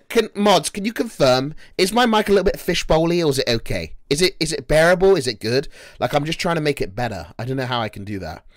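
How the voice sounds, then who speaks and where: A man's voice: mid-range voice, no echo, clean studio sound. Brash, foul-mouthed male streamer. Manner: brash, profane, mocking. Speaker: livestreamer. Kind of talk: casual live-stream chat.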